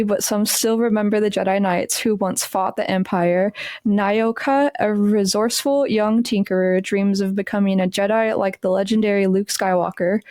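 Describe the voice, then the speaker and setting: A woman guest on a chat podcast, reading a blurb aloud in a steady, even voice. She drops in short offhand comments between passages, and the sound is dry and close. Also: mid-range voice, dry recording. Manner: reads text steadily, brief asides.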